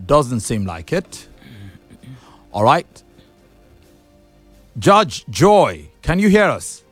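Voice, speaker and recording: A man's voice: mid-range voice, big pitch swings, drawn-out words, husky, no echo, faint music behind. Man hosting a debate show. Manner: formal introductions, playful asides. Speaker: host.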